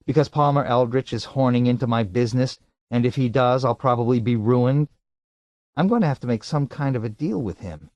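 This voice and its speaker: A man's voice: medium pitch, brisk, darkish tone, dry recording, dull audio, pitched above the performer's own voice, natural voice. A man voicing an impatient, harried middle-aged businessman who talks in a pressing, irritable way. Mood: worried.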